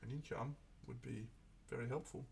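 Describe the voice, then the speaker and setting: A man's voice: medium pitch, steady tone, moderate pace, vocal fry, a little mellow, a little hiss or hum. A man chatting casually on a live stream while painting miniatures, reflective and rambling, often restarting his sentences. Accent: Australian.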